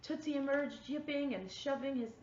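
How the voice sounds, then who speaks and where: A woman reading a children's picture book aloud with expressive storytelling. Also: sits high, normal speed. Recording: echoey room, far from mic, dull, faint noise.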